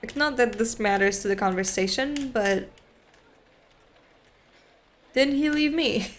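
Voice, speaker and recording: A woman streamer narrates a visual novel aloud in a casual way. She breaks in with quick asides of her own. Her voice sits fairly high.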